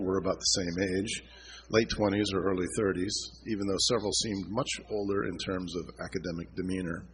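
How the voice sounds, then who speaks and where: A man's voice: on the low side, a little hiss or hum, low-quality recording. A man reading aloud from his own novel at a convention, with small slips and restarts. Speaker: author reading his book.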